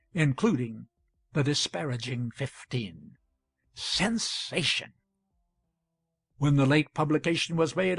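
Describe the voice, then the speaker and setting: A man reading an audiobook, voicing a townsman who defends himself before a public hall in an earnest, measured, pleading way. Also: a little high, gravelly, a bit bright, husky, full character voice.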